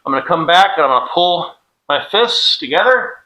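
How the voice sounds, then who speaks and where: A man's voice: a little high, expressive, fairly quick, bright, forceful tone, rough recording. A middle-aged man leading a workout drill in a casual, joking way, calling out cadence counts with a clip-on mic. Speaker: fitness instructor. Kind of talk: demonstrating an exercise drill.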